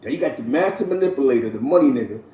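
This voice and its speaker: A man hosting casual street storytelling, talking loosely with slang, repeats and frequent shout-outs. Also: mid-range voice, animated, racing, distant mic. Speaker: host. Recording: echoey room, voice a bit off-mic.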